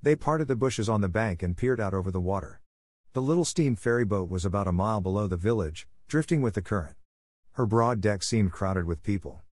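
Low-voiced man reading a classic story. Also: dry recording, studio quality. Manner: measured, expressive reading. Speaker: audiobook narrator. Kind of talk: scripted storybook narration.

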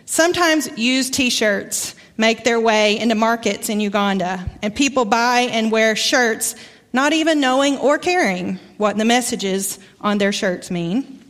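A woman's voice: on the high side, expressive. A middle-aged woman with an Arkansas accent, giving a sermon as a guest preacher, in a conversational storytelling manner. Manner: warm, conversational storytelling with pauses. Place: church sanctuary. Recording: long church reverb.

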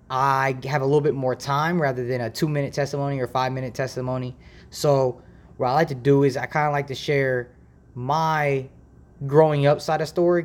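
An Ohio man with a medium-pitched voice hosts a casual faith podcast, rambling in a relaxed, slang-filled way. He records on a decent mic in a makeshift home setup.

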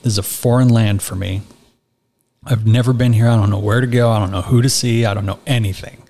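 A man with a fairly low voice tells a personal story in conversation. He speaks earnestly and haltingly, often stopping to restart a sentence. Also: steady tone, dark tone. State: choked up. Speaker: guest.

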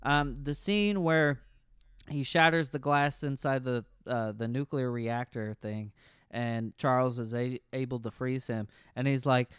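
A man's voice: medium pitch, steady tone, measured pace, fairly bright tone, smooth, no echo. Young male podcast co-host, resonant clean voice, dry close sound, loose profane rants about films. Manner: profane, rambling, enthusiastic. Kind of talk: casual movie review chat.

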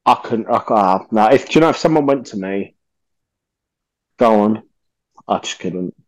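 A man, a podcast guest telling stories in a lively, swearing way and acting out the voices of people he quotes. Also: fairly low pitch, moderate pace, dry recording. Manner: animated, swears often, acts out quoted voices. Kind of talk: casual storytelling interview.

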